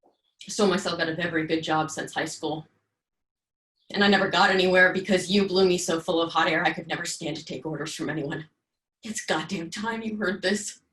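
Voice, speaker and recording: A woman performing a monologue as a frustrated young man confronting his father, swinging from hushed lines to shouting. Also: fairly low pitch, brisk, natural voice. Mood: bitter. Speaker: acting student. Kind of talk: dramatic monologue. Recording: roomy echo.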